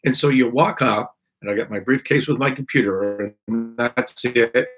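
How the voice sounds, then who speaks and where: Soft music plays behind a podcast host as he tells a complaint story on a live stream, exasperated, rambling, and restarting. Speaking at normal speed in a mid-range, slightly bright voice, he keeps clearing an irritated throat.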